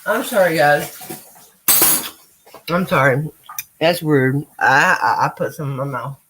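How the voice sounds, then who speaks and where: A woman's voice: low-pitched, slow, a bit bright, slight background noise. An American woman chatting casually on a live stream, swearing freely and talking straight to her viewers. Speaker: vlogger.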